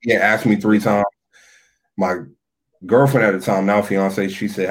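A youth minister from the Philadelphia area tells his story in a casual podcast chat, relaxed and loose, with frequent "like" fillers. His voice is lowish and unhurried.

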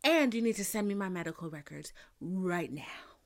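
A woman's voice: medium pitch, normal speed. A young woman podcast host telling a story in a casual, blunt, profane rant, acting out the other people's lines as she goes. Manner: blunt, profane, animated retelling with mimicked quotes.

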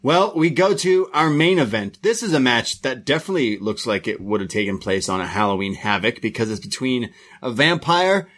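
A man co-hosts a wrestling podcast, giving a casual, rambling play-by-play recap with frequent restarts. His medium-pitched voice is animated, brisk and a bit bright.

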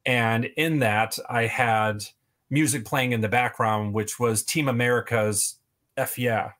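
A man's voice: mid-range voice, fairly even intonation, a little slow, a bit bright. A man as a podcast guest, giving long rambling answers full of fillers. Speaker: podcast guest, toy video creator. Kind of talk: casual interview chat.

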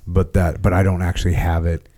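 A man's voice: deep voice, flat delivery, brisk, warm tone. A man hosting a podcast, laid-back and plain-spoken in casual conversation. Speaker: podcast host.

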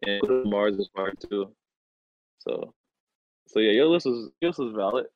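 A man's voice: on the low side, expressive, normal speed, dry recording, soft background music. Easygoing man with a dull, lo-fi mic. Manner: hesitant restarts, easygoing slang. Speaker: guest, friend of the host. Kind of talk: casual album review chat.

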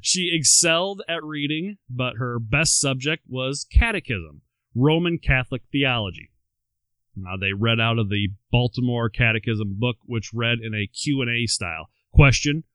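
A man's voice: medium pitch, expressive, normal speed, fairly bright tone, clean tone, no echo. Brief: male podcast co-host, storytelling delivery, wry asides, dry close mic. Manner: reads quotes aloud with wry asides. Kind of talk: storytelling chat.

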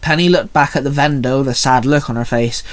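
A man narrates a story aloud in an even, unhurried read. His voice sits at an ordinary pitch for a man, and he keeps the telling plain and steady. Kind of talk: fan fiction reading.

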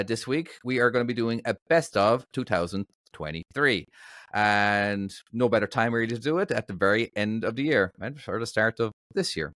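Male podcast host, loose and filler-heavy; bright, dry voice. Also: mid-range voice, dry recording. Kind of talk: casual podcast chat.

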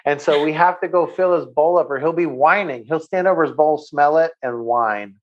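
A man's voice: a little high, moderate pace, highs cut off. A man, a guest who runs a water company, telling a long anecdote in casual chat and acting out the voices he quotes. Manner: animated storyteller who acts out quoted voices.

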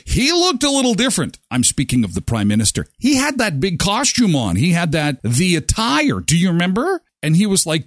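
A man's voice: sits high, dry recording, clean studio sound. A man hosting a morning show, commenting on news clips with joking, mocking asides. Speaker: host.

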